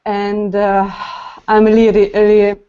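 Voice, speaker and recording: Slow, halting emotional woman. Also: medium pitch, monotone, warm tone, clean tone. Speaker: group call participant. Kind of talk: personal sharing in a group. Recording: dull lo-fi sound.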